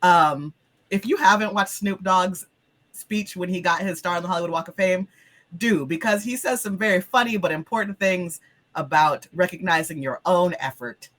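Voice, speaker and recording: A woman hosting as game master, her voice lower than usual because she is sick, in a chatty opening. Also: normal speed, a bit bright. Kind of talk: casual stream opening.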